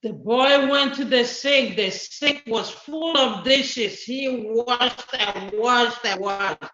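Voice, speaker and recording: A woman's voice: fairly high pitch, takes it slowly. Woman telling a children's story in church. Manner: expressive, addresses children directly. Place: church sanctuary. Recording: echoey church hall, dull sound.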